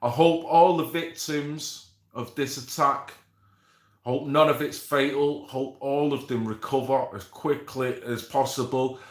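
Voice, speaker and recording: A man's voice: mid-range voice, steady tone, a little slow. Chatty man in echoey room. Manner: chatty, swearing, banter with viewers. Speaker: livestream host. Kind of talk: casual livestream chat reading comments.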